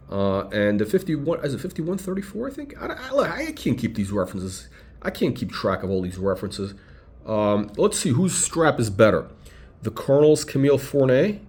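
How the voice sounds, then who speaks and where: A man talks through a watch review off the cuff, voice at an ordinary middle pitch. He is blunt and opinionated, and he often trails off, restarts and hunts for names as he goes. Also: darkish tone. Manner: rambling, blunt, full of hesitations and restarts. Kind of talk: casual unscripted review.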